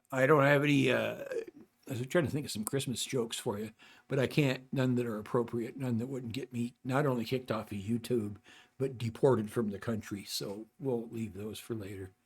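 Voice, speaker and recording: An older man from North America hosting his own channel, giving rambling, halting advice in casual talk with many fillers and restarts. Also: medium pitch, slightly rough. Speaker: channel host.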